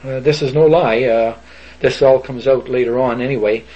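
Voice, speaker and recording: A man's voice: mid-range voice, steady tone, normal speed, warm tone, slightly rough. An older man from Northern Ontario, telling an eyewitness story in a rambling, folksy way and acting out other people's voices. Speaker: eyewitness recounting a sighting. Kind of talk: casual spoken storytelling. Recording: dull lo-fi recording.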